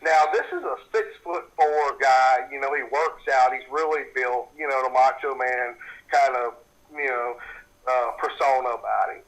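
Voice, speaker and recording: A man with a drawl tells a story in an interview, his voice bright and forward. He is middle-aged and animated, and he stumbles over repeated words as he builds the tale. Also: medium pitch, unhurried, rough recording. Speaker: paranormal investigator. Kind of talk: interview, recounting a personal story.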